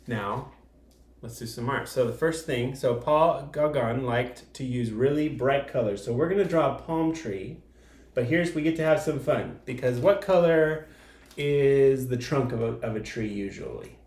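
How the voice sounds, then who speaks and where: A man's voice: mid-range voice, a little slow, darkish tone, roomy sound. A man acting as an art teacher, giving a video art lesson for young children and patiently explaining each step, with frequent fillers.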